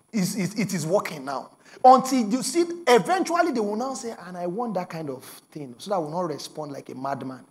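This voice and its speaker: A young adult Nigerian man preaching a sermon as pastor, telling stories with bursts of shouting and laughter. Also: high voice.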